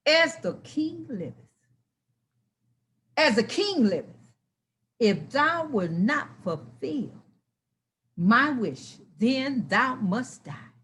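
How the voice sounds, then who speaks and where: A woman voicing a desperate noblewoman from scripture who threatens in measured, old-fashioned speech. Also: high voice, sing-song, a bit bright, a little hiss or hum, full character voice. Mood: threatening.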